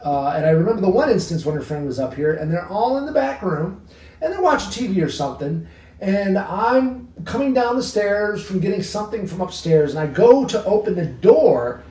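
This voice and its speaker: A man's voice: high voice, moderate pace. A middle-aged man, a homeowner telling a story in an interview. He acts out what he said back then and swears freely. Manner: animated, acts out his own past lines, swears freely. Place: inside a house. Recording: roomy sound from a distant mic.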